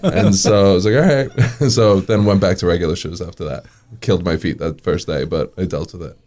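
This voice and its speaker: A brisk, low, slightly mellow male voice belongs to a restaurant owner chatting in an interview. He acts out the dialogue in his casual anecdotes and chuckles a lot.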